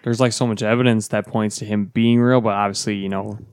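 A relaxed man chatting on a podcast with a fairly low voice. The sound is close and dry, with no room around it. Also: a little fast, no echo. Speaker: podcast co-host. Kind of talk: casual comic book chat.

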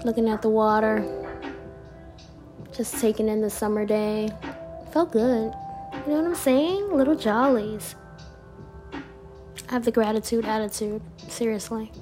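Over background music, a woman with a slightly high voice reads affirmation cards in a slow, deliberate way. Between cards she chats casually, laid-back, with frequent laughter and slangy remarks.

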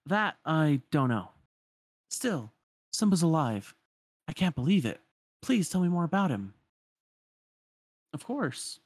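A man's voice: fairly high pitch, very animated, slow, long pauses, husky, no echo, studio quality, voice pushed up, exaggerated voice. A man voicing a worried young lioness from a video game, in a slightly raised voice. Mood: earnest.

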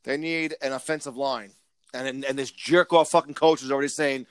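A man's voice: mid-range voice, fairly even intonation, a little fast, clean tone, dry recording. A man in casual chat, ranting with lots of swearing and stammered restarts.

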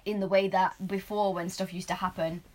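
A woman chatting casually, telling stories animatedly with lots of laughter and loud bursts. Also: mid-range voice, brisk. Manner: animated storytelling, laughs a lot, gets loud when excited. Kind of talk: casual chat.

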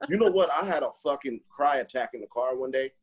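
A young man in casual chat, talking quickly and plainly, with some swearing. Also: mid-range voice, expressive, slightly rough.

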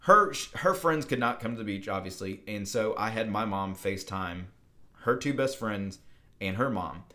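Lowish-voiced young man telling a story. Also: animated, moderate pace, bright, forceful tone. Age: young adult. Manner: rambling, full of fillers and restarts. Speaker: podcast co-host. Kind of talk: casual chat, storytelling.

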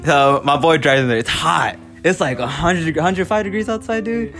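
A man telling a story among friends in a casual chat, animated, swearing often and laughing. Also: fairly high pitch, normal speed, music in the background. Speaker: storyteller on a podcast.

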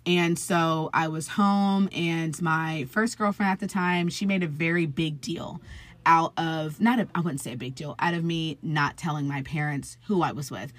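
A woman's voice: sits low, fairly even intonation, moderate pace. A woman in her twenties in a casual interview, telling a personal story in a chatty way, full of fillers and acted-out quotes. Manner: chatty, filler-heavy, acts out quoted voices. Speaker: guest.

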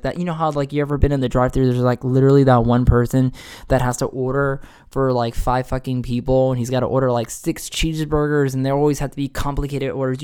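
A man's voice: mid-range voice, a little mellow, smooth. A man who works as a rideshare driver, venting bluntly and casually, with frequent swearing. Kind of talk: casual ranting monologue.

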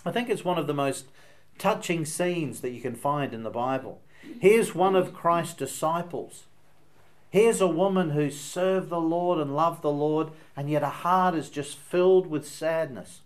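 A man with a Northern Irish accent delivers a sermon from the pulpit. His voice sits a little high for a man, and he preaches with earnest emphasis, slipping easily into homely storytelling. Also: a little slow.

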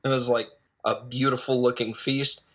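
A man's voice: medium pitch, little pitch movement, moderate pace, a bit bright. A man casually retelling a film's plot as a reviewer, rambling and hesitant, with jokes along the way. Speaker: film reviewer. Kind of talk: casual spoken film recap.

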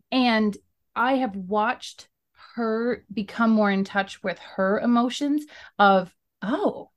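A woman hosting a podcast interview, chatting and telling anecdotes, acting out small back-and-forth exchanges as she goes. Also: mid-range voice. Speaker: podcast host and tutor.

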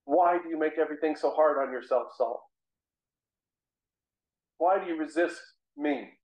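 The calm, questioning voice of Jesus, as a man puts it on in a monologue. It speaks slowly and gently, and the words carry a roomy echo. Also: a little high, highs cut off, lightly acted. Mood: gentle.

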